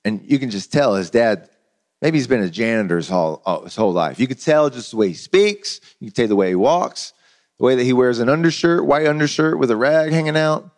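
A man delivers a sermon like a story told to friends, restarting phrases and repeating words as he builds his point. His voice sits at an ordinary middle pitch. He sounds conversational rather than formal. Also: animated, fairly quick. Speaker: pastor.

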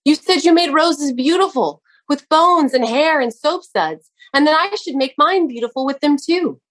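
A woman's voice: fairly high pitch, lively intonation, measured pace, fairly bright tone, rough recording. A woman reading aloud and voicing a simple, grieving young man who pleads through tears, in a raised voice. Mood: tearful pleading.

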